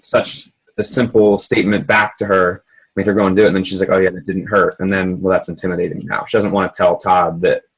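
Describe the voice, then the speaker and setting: Husky low-voiced man telling a story. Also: level tone, quick pace, rough recording. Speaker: gym coach. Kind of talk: casual podcast discussion.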